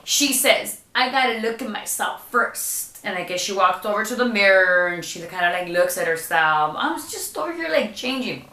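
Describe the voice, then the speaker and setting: A young woman telling a storytime vlog in a chatty, animated way, full of likes and ums. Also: medium pitch, moderate pace, few pauses, roomy sound. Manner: chatty, animated retelling with many fillers. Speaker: vlogger.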